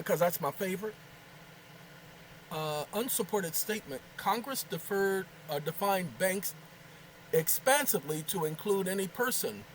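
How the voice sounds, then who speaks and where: A man's voice: high-pitched, a little hiss or hum, poor audio. A man hosting his own video channel, chatting casually at home, rambling and joking while scolding aside. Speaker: channel host. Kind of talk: casual talking-head video chat. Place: home kitchen.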